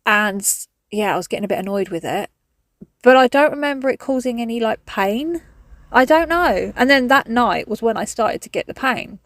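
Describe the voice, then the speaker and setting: A woman's voice: fairly high pitch, lively intonation, moderate pace, fairly bright tone, no echo, clean studio sound. A woman in her thirties with an English accent, chatting frankly and swearing casually as she talks through cleaning her cupboards. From England. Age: 30s. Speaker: cleaning vlogger. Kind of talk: chatty voice-over while cleaning.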